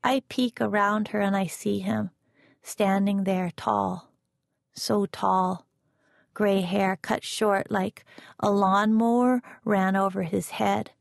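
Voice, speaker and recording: A woman narrating a first-person novel as an audiobook, in a measured, unhurried reading. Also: mid-range voice, steady tone, gravelly, no echo, studio quality.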